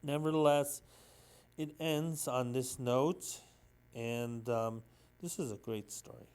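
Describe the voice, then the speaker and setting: A man's voice: mid-range voice, takes it slowly, darkish tone, clean tone. Rambling man recapping a comic, full of ums. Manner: sentimental about the story. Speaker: comic book reviewer. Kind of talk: casual solo comic recap.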